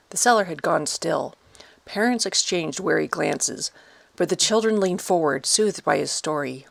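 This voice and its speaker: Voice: medium pitch, lively intonation, unhurried, gravelly, fairly bright tone, dry recording. A narrator reading a dramatic story aloud in scripted audiobook narration on a close studio mic.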